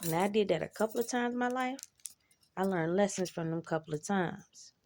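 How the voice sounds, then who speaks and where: A woman's voice: medium pitch, moderate pace, a little mellow. A woman in a casual monologue, talking bluntly and with plenty of profanity as she reflects on her own life. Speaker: vlogger.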